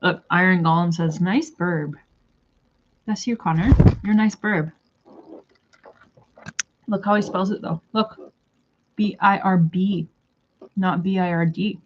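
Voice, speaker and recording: A woman's voice: lowish voice, takes it slowly, long pauses, dull audio, slight background noise. A woman talking to her pet bird in a casual vlog, coaxing it in a sing-song baby-talk voice, recorded at home. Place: home room by a window.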